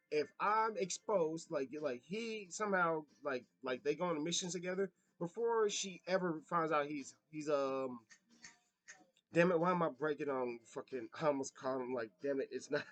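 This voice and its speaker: A man's voice: a little high, no echo, poor audio. A man talking through a casual, profane rant and laughing at his own slips. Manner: animated, profane, laughs at himself. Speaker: commentator.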